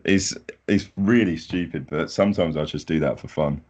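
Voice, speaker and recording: A man with a strikingly low voice, a guest on a casual podcast. He chats in an easygoing, self-deprecating way. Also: moderate pace, a little mellow, dull audio. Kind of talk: casual chat.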